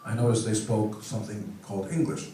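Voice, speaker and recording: A man in his sixties gives a joking, playful speech to a conference audience and throws in loud bursts of emphasis. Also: fairly low pitch, steady tone, a little fast, a little hiss or hum. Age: 60s. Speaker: conference speaker. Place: large hall with an audience. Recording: echoey hall from far off.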